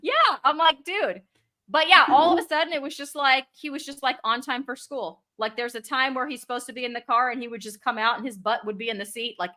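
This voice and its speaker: A middle-aged woman, a mother, chatting casually and telling stories with lively acted-out quotes. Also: fairly high pitch. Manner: animated storyteller, acts out quotes. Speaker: guest. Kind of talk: casual chat.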